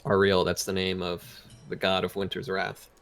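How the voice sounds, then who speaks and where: A man as dungeon master, narrating and speaking for characters in a measured, expository way. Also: low voice, completely flat delivery, gravelly. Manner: expository, measured, with many fillers. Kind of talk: narrating a tabletop game in character.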